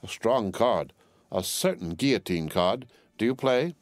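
A man voicing a sharp, sardonic young English barrister who speaks in a cool, deliberate way. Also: on the low side, expressive, dry recording. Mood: incisive.

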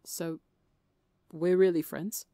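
A woman with a slightly gravelly voice, reading the lines of a loud, cocky teenage boy who snaps back defensively. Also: fairly low pitch, level tone, slow, no echo, clean studio sound. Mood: awkward.

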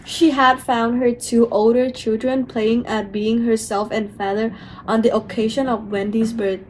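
Lady reading a kids book out loud, slow and careful, little slips, a bit of room noise. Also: fairly high pitch, little pitch movement, low-quality recording. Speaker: audiobook reader. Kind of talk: read-aloud storybook narration.

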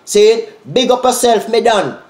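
A man with a Jamaican Patois accent giving animated, repetitive shout-outs in a casual vlog. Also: extremely high pitch, unhurried, echoey room. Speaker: vlogger.

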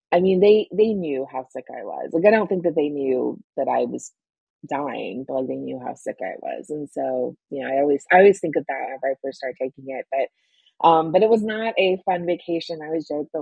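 A woman in her forties tells her story in an earnest, halting way, close to tears. Her voice is low, dark and gravelly, and very husky. The sound is dry and close. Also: dry recording, dull audio. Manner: earnest, emotional, halting with restarts and fillers. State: emotional, near tears. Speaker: cancer patient telling her story. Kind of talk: personal interview storytelling.

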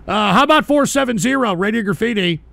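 A man's voice: high voice, animated, fast talker, vocal fry, pushed and bright, no room sound. A man hosting a call-in show, talking crude and ranting with constant swearing. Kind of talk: profane call-in stream chat.

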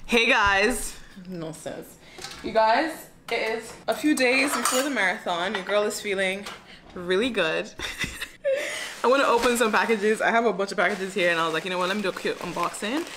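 Excitable girl vlogging, voice jumps all over, noisy audio. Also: medium pitch, normal speed. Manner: bubbly, excitable, laughs and squeals often. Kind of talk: casual vlog chat. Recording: noisy handheld vlog audio.

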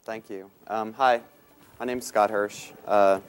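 A man with a Southern American accent speaks at a panel event with a fairly low voice. He talks quickly and fills pauses with "um" and "uh". He has a self-deprecating, conversational manner. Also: steady tone, faint music behind. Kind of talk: conference talk. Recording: talk recorded in a meeting room.

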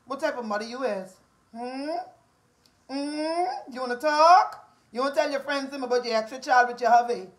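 A woman's voice: high voice, normal speed, rough recording. A Bahamian woman in her forties delivering a profane, combative rant, repeating her taunts over and over. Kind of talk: angry rant to camera.

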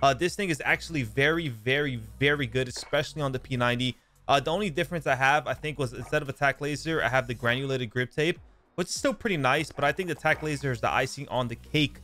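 A young man giving excited, casual commentary over his own shooter gameplay, often exclaiming and swearing at what happens in the match. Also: medium pitch, fast talker. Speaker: gaming YouTuber.

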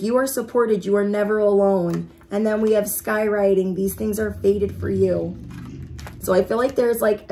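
A woman giving a casual tarot reading, chatty and excitable, speaking straight to her viewers. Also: mid-range voice. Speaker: tarot reader.

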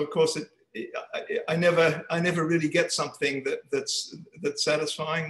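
A man's voice: on the high side, fairly bright tone, echoey room, low-quality recording. Hesitant man giving an online seminar talk. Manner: hesitant, with frequent restarts. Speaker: guest speaker. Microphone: computer mic on a video call.

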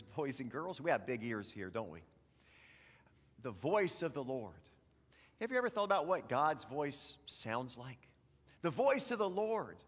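Male pastor, unhurried children's talk in a reverberant church, coaxing kids to repeat after him. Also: medium pitch, fairly bright tone. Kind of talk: children's sermon. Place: church sanctuary.

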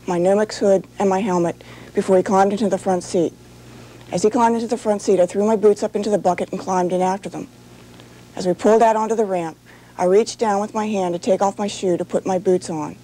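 A woman gives a personal account in a steady, measured voice. Her tone is dark and mellow, with a middling pitch. She slows down at the key moments. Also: poor audio. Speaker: firefighter recounting her accident. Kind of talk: personal testimony.

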